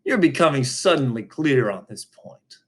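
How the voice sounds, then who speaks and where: A methodical middle-aged defense lawyer, voiced by a man reading the story, asking measured, probing questions. The delivery is level and patient, in the reader's own mid-range voice. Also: medium pitch, sing-song.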